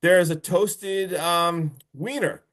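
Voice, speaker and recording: A man casually recapping a horror movie on a podcast, excitable and profane, often laughing. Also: high-pitched, takes it slowly. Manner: excitable, profane, recounts plot with swearing and laughs. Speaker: podcast host. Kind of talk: casual movie review chat.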